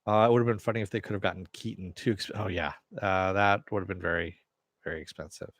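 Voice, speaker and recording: Low-voiced guy doing a rambly live tv review, swears a bit, reads chat, dry sound. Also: steady tone, fast talker, a bit bright, dry recording. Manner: rambling, off-the-cuff, swears, answers chat comments. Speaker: TV review host.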